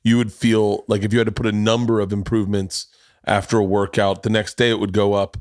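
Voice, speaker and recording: A man's voice: lowish voice, little pitch movement, a little fast, darkish tone, no echo, clean studio sound. A man hosting a podcast in casual chat, telling self-deprecating stories with frequent restarts and swearing. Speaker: podcast host.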